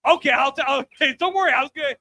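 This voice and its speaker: A man in his thirties doing a live stand-up comedy set, brash and loud, working the crowd and breaking into shouts. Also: extremely high pitch, very fast, gravelly. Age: 30s. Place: comedy club stage.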